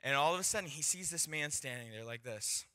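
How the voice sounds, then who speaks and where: A man's voice: a little high, brisk. A young man giving a sermon, telling stories and acting out the people in them. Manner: animated, acts out quoted voices, laughs between points. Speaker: speaker sharing a testimony. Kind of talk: sermon storytelling.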